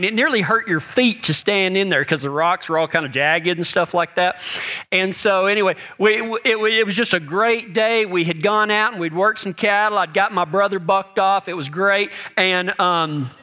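A male preacher delivers a sermon as a loose, folksy story with a high, bright voice. He repeats words as he goes and checks in with his listeners. The talk stays conversational rather than formal. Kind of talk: sermon with folksy personal stories.

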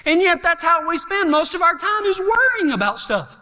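Animated pastor in an echoing hall. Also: male voice, extremely high pitch, normal speed. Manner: animated storytelling, swings from hushed to shouting. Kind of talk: sermon.

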